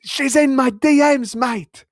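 A man doing a deliberately bad Irish-accented impression of a brash, cocky male fighter trading swaggering taunts. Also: very high-pitched, no room sound, clean studio sound, pitched above the performer's own voice. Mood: taunting. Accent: exaggerated fake Irish.

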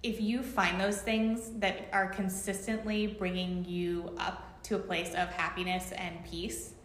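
A woman guest reflects aloud about her work in a relaxed, thoughtful way, often leaning on "like" and "you know". Her voice sits a little low. The room around her is noticeably echoey. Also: measured pace. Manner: reflective, many "like" fillers. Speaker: interview guest, business owner. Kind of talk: casual interview chat.

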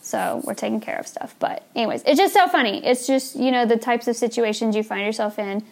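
Young woman rambling thru a travel story on her podcast, kinda high voice, lots of likes, laughs a bunch. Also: brisk, gravelly, darkish tone. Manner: chatty, laughs often, lots of "like" and "you know". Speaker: podcast host. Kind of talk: casual storytelling monologue.

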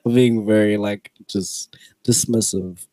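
A man's voice: lowish voice, fairly even intonation, takes it slowly, warm tone, no room sound, clean studio sound. Playful young man. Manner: playful, teasing, laughs often. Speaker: podcast co-host. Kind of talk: casual chat.

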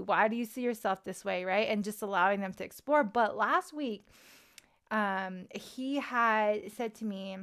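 A woman in her thirties sharing personal stories in a casual, animated chat, full of fillers. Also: mid-range voice, a little slow, smooth. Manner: animated, confessional storytelling with many fillers.

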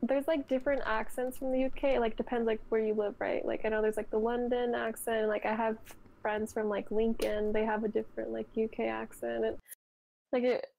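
A woman chatting casually as a podcast guest, relaxed and talkative with many fillers. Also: on the high side, brisk, gravelly, a little hiss or hum, poor audio. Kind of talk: casual chat.

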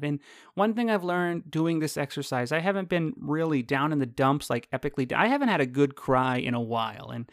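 A man's voice: a little high, expressive, fairly quick, no room sound, studio quality. A man hosting a podcast from his home office, rambling and chatty and often correcting himself. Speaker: podcast host. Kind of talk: casual monologue.

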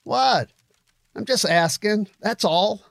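A man's voice: high-pitched, expressive, slow, creaky, no room sound, clean studio sound, pitched above the performer's own voice, exaggerated voice. A man voicing a taunting young American infantry soldier who needles a comrade in a cocky, raised voice.

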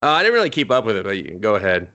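A low-voiced man co-hosts a relaxed podcast chat. He talks excitedly and swears freely while recapping a show. His tone is gushing and informal. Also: rapid-fire, dull audio. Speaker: podcast co-host.

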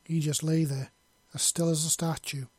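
A man narrating a fantasy story in a steady, measured read. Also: a little high, husky, no room sound.

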